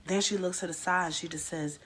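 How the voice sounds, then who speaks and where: A woman with a low voice telling a comic storytime skit with big, exaggerated delivery. She swings between loud outbursts and near-whispered asides. A faint hiss sits behind her. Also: fairly even intonation, brisk.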